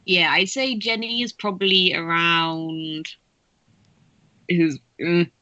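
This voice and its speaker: A woman narrating as game master of a tabletop game, chatty and quick to giggle. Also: lowish voice, fairly even intonation, bright, forceful tone, no room sound, dull audio.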